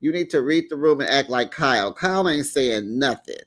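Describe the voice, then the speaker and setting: A man hosting a casual recap of a reality show, sassy and animated, with lots of "honey" and "child". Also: medium pitch, fairly quick. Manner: acts out the quotes in put-on voices.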